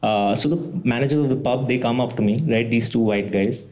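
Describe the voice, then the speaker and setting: A man's voice: medium pitch, a little fast, a little mellow. Man doing stand-up in a roomy venue. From India. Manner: conversational storytelling, frequent "right?" checks. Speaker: stand-up comedian. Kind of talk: stand-up set. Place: small comedy venue stage. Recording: roomy echoey stage sound.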